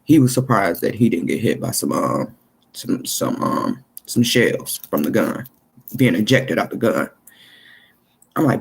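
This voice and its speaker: A man's voice: medium pitch, lively intonation, moderate pace, vocal fry, breathy edge. A man casually telling a personal story in profane street slang, often saying "you know what I'm saying". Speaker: storyteller recounting an experience.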